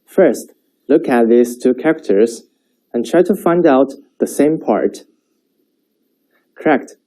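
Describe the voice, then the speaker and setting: A man teaching a Chinese language lesson, speaking slowly and clearly so learners can repeat after him. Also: medium pitch, expressive, warm tone, low-quality recording. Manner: slow, clear modeling of sentences for repetition.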